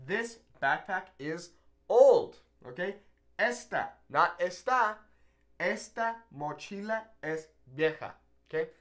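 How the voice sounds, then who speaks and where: A young man gives a relaxed, upbeat lesson at a whiteboard. His pitch swings a lot as he works through one example after another. He keeps checking in with his listeners. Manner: casual, upbeat, many "okay"s and repeated examples. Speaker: Spanish teacher. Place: classroom with a whiteboard.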